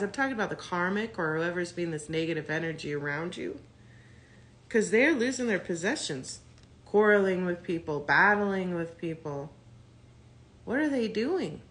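A woman's voice: mid-range voice, fairly bright tone. A woman doing a casual tarot reading to camera, blunt and profane, thinking aloud as she talks. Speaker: tarot reader.

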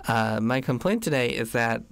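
Male podcast co-host, wry ranter, gravelly tone, dry recording. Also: medium pitch, animated, normal speed, fairly bright tone, dry recording. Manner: ranting, complaining, wry. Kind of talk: casual chat.

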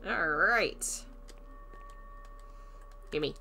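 A woman's voice: medium pitch, sing-song, a little slow, sharp tone. A woman streaming a horror game, chatting casually, thinking aloud, greeting viewers and laughing often. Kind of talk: casual let's-play commentary.

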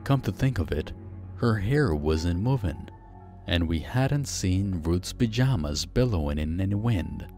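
A man narrating a first-person horror story, slow, hushed and suspenseful. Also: low-pitched, expressive, soft background music.

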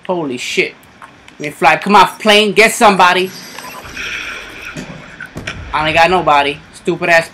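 A man giving casual commentary over his own online shooter match, excitable and swearing constantly, yelping when something sudden happens. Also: fairly high pitch, a little hiss or hum. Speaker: gamer doing live commentary.

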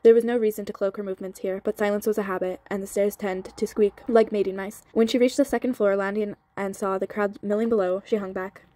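A woman reading a novel aloud in a steady, even way, with a few slips and restarts, on sped-up audio. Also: mid-range voice, quick pace, hardly any pauses. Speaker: audiobook reader.

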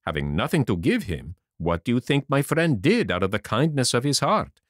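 Flattering con-artist fox in a storybook, a man doing him, slick and persuasive, pitch rising and falling. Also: moderate pace, no echo, studio quality. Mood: sly. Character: sly smooth-talking fox, a flattering swindler.

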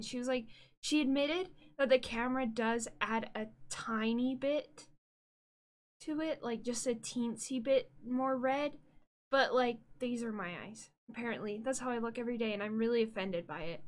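Woman, streamer, fairly high voice, bubbly, easily distracted, casual live-stream chat, home room. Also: normal speed. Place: home room with green screen.

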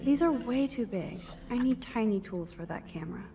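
A woman voicing a thoughtful teenage girl in a video game, talking in a dry, quietly sarcastic inner monologue. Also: on the high side, expressive, normal speed, gravelly, over music. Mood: wry.

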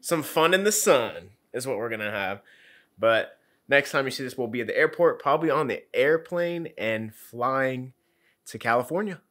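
A man's voice: mid-range voice, animated, normal speed, fairly bright tone. A young man talking in a casual, joking, slangy way as a travel vlogger.

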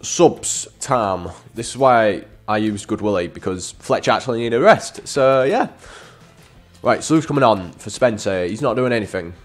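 A man giving casual, excitable commentary as he plays a football video game, calling out to his viewers as lads. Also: fairly low pitch, moderate pace, faint music behind. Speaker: gaming YouTuber.

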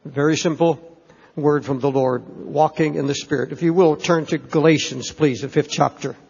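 A man preaching a sermon in a church in a deliberate, earnest way, stressing key phrases. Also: a little high, steady tone, vocal fry, darkish tone, breathy edge. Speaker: pastor. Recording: dull sermon tape in a reverberant church.

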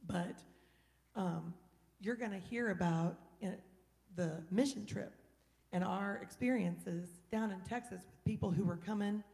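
Slow gravelly woman in a reverberant church. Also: mid-range voice. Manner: gentle storytelling to children. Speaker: children's message leader. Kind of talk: children's sermon. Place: church sanctuary. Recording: long church hall reverb.

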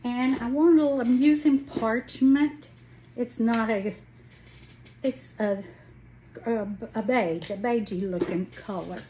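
A woman's voice: fairly high pitch, slow, warm tone, a little hiss or hum. A woman in her late sixties with a Southern Alabama accent, hosting a casual craft livestream and chatting folksily while she works. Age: 60s. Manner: folksy, chatty, greets viewers by name.

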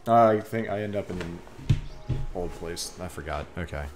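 Gaming streamer, male, lowish voice, chatty and excitable, faint game music under him. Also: normal speed. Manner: excitable, talks to the creatures on screen. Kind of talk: casual let's-play commentary.

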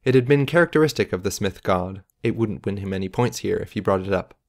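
A man reading an audiobook in measured, even scripted narration. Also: lowish voice.

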